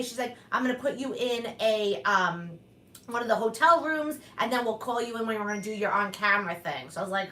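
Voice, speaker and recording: A woman's voice: medium pitch, fairly quick, bright, forceful tone, echoey room, recorded from a distance. A woman from New York hosting a casual chat with her mother, telling a story in a chatty way with frequent laughs. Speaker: host.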